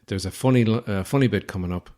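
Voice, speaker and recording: Irish podcast host, lowish voice, rambling, self-deprecating comic storyteller. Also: male voice, quick pace, mellow.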